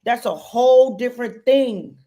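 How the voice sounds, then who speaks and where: A woman's voice: a little high, measured pace, dark tone. A woman on a podcast in casual chat, telling stories bluntly and cursing freely. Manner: blunt, profane storytelling.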